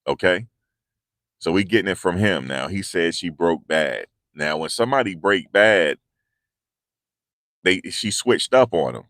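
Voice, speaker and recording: Deep-voiced man in casual slangy commentary. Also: lively intonation, a little slow, long pauses, a bit bright, no room sound, studio quality. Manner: slangy, repetitive, conversational. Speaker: commentary channel host.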